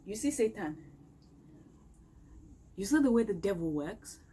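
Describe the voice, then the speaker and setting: A woman's voice: medium pitch, expressive, a little slow, dark tone, low-quality recording. A woman vlogging an emphatic, exasperated complaint from her home. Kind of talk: complaint rant to camera. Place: home room, indoors. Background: faint outdoor street noise.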